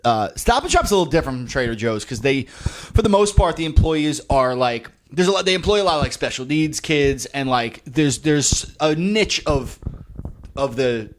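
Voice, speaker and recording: A young man co-hosting a podcast, telling stories in a casual, animated way and breaking into mocking voices. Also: on the high side, normal speed, slight background noise. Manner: animated storyteller, swings into mocking quoted voices. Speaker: podcast co-host. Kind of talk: casual chat.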